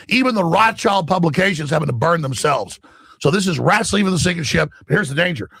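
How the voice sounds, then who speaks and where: A man with a gravelly, raspy voice delivering an emphatic, excited monologue as a talk show guest. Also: a little high, quick pace, no echo. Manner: emphatic, acts out quoted voices.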